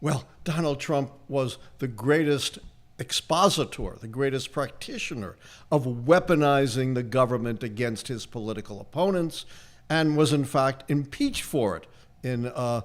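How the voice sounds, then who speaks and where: A man's voice: medium pitch, unhurried. An older man with a Brooklyn accent, giving emphatic, lecturing political analysis on a livestream. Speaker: political historian guest answering questions.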